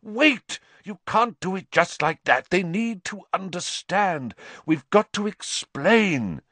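A man's voice: a little high, big pitch swings, unhurried, fairly bright tone, no echo, voice pushed up, full character voice. A man voicing an earnest, urgent male teacher who insists on being heard. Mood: pleading.

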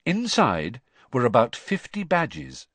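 A man narrating a story in an expressive, scripted reading. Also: medium pitch, slow pace, dry recording. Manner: expressive reading with lively intonation. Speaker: audiobook narrator.

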